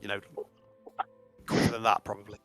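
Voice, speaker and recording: A man's voice: on the low side, flat delivery, fairly quick, gravelly, pushed and bright, no echo. A man narrating a tabletop game as game master, rambling with many restarts. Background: faint music.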